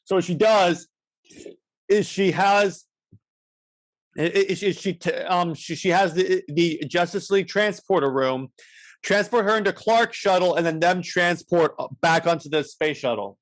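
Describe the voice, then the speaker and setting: A man's voice: high voice, moderate pace. Rambling man recapping a comic. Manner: rambling, many restarts, acts out lines. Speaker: podcast co-host. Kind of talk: casual chat recapping comics.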